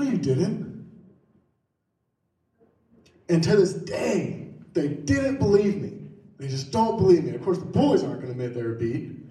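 A man telling a personal story in the first person, quick in some stretches and slow in others. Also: high-pitched, warm tone, distant mic. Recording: roomy, voice set back from the mic.

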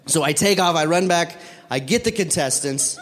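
Man with a slightly raised voice telling a lively, self-deprecating anecdote, reverberant room. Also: fairly high pitch, moderate pace. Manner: animated, self-deprecating, acts out dialogue. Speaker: storyteller. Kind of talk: casual spoken anecdote.

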